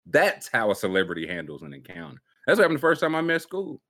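A man chatting on a podcast with a lively, bouncing delivery. He jokes around constantly and slips into silly voices while telling stories. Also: on the high side, fast, gravelly. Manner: animated joking, puts on silly voices. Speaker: podcast host. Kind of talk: casual chat.

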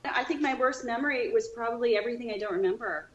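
A woman guest on a podcast, telling her own story with lively, acted-out dialogue. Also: fairly high pitch, quick pace, roomy sound, dull audio. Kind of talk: storytelling in an interview.

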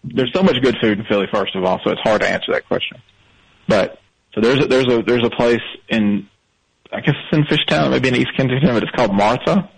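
A man's voice: mid-range voice, a little fast, gravelly, breathy edge, poor audio. A man from the States, calling in and telling stories in an easygoing, earnest way. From Southern United States. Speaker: caller. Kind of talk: casual phone call chat.

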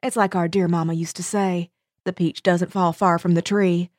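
A woman's voice: fairly low pitch, flat delivery, normal speed, a little mellow, dry recording, studio quality, lightly acted. A woman voicing Cater Lee, a catty middle-aged Southern woman with a Southern accent, drawling snide gossip. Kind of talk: dramatic reading aloud.

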